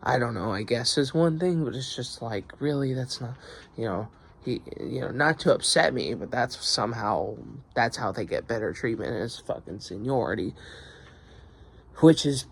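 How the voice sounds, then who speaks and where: A man's voice: medium pitch, expressive, moderate pace, vocal fry, slightly rough. A young man venting in a rambling, profane video diary about his work schedule. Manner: profane, rambling, frustrated venting with many restarts. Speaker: vlogger. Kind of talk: casual video diary rant.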